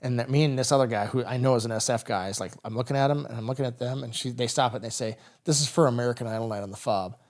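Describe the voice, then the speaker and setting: A man in his thirties, a veteran guest on a podcast, telling stories casually and acting out the dialogue. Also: medium pitch. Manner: rapid, animated anecdotes with quoted dialogue. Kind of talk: casual storytelling interview.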